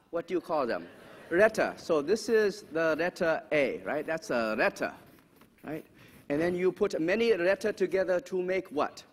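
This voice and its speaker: A man putting on a mock Japanese accent as a teasing lecturer speaking broken English to an audience in a lecture hall. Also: high voice. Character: comic broken-English male lecturer persona, cheeky. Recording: echoey hall, faint background noise.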